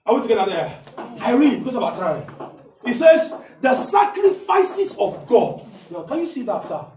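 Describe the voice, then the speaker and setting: A man with a Nigerian accent preaching a sermon, shouting key lines and slowing down to stress them. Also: extremely high pitch, sing-song, echoey room, recorded from a distance, slight background noise. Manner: impassioned preaching, shouts and slows down for emphasis. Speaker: pastor.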